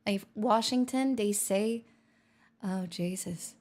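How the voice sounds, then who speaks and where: A woman's voice: medium pitch, unhurried, a little mellow. A young adult woman streaming, reading chat aloud in a playful, teasing casual chat.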